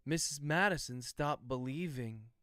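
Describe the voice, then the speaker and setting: A man voicing a calm, sinister old priest who speaks low and measured in a dictated thriller. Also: clean tone, no room sound, studio quality. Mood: ominous.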